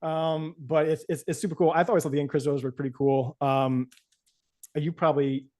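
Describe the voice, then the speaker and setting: A man's voice: a little high, flat delivery, fairly quick, a little mellow. A man hosting a podcast, chatting casually and loosely about a comic, with many fillers. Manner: rambling, loose, with many fillers and quoted voices. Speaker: podcast host. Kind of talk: casual chat recapping a comic.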